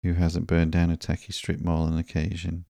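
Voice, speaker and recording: Brief: joking reformed villainess, read plainly by a man, deep and dark tone, dry close sound. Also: monotone, moderate pace, vocal fry, no echo. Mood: flippant. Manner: flippant, joking. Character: wisecracking reformed woman villain.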